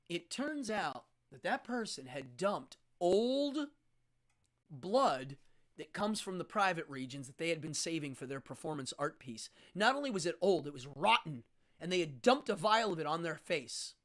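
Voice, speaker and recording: A middle-aged man who hosts a talk show and works as a stage magician tells backstage stories bluntly and frankly. His voice is on the high side, sing-song and a bit bright, at a moderate pace, in casual talk-show storytelling.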